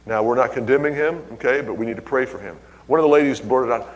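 In an echoing hall, a male pastor with a medium-pitched voice preaches fairly quickly. His sermon includes personal stories, and he exclaims "hallelujah" while calling out to the congregation. A big space lends the audio a long reverb.

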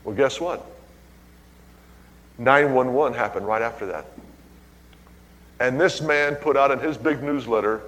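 A man's voice: mid-range voice, unhurried, long pauses, a bit bright. A man preaching to his congregation as their pastor, telling stories and calling out "hallelujah" between points. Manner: exclaims "hallelujah" and calls out to the congregation. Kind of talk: preaching a sermon with personal stories. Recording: long reverb in a large hall.

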